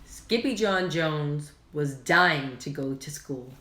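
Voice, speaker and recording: A woman reads a picture book aloud to young children, taking her time over every line. Her delivery is slow and expressive. The room around her rings with echo. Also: low-pitched, slight background noise. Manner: slow, expressive read-aloud with character voices. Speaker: children's story reader. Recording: echoey room.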